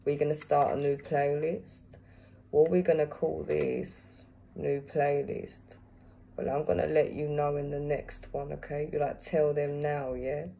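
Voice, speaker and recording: A woman with a low, mellow voice talks slowly and casually as a beautician giving advice. She ends nearly every phrase with a checking "yeah?" or "okay?" and sometimes turns to ask someone off-camera a question. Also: little pitch movement, gravelly. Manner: asks an unseen helper aside questions.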